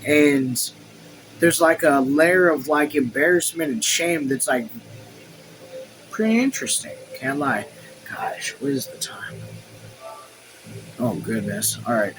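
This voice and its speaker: A man hosting a casual book read-along at home, reading the text and even the punctuation aloud, then breaking off into excited, swear-filled asides. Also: medium pitch, slow, long pauses, background noise. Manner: reads quotes and punctuation marks aloud. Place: his room at home.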